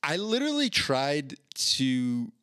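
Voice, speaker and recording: A man's voice: a little high, huge pitch swings, takes it slowly, pushed and bright, clean tone, no echo, clean studio sound. A young adult man telling a rambling, self-deprecating story on a casual podcast, with many restarts. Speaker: podcast co-host.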